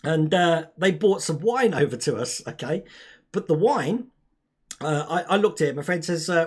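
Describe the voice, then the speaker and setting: A husky man in his younger years chats loosely on a live stream, breaking into laughs and reading viewers' comments aloud. His talk rambles with a relaxed, homely feel. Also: fairly high pitch, normal speed. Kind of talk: casual live-stream chat.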